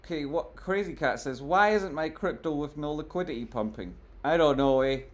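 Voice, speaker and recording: The stock-market streamer's slightly high voice keeps a moderate pace as he jokes through live chart commentary for his chat. His delivery is theatrical, shifting between mock gloom and loud exclamations.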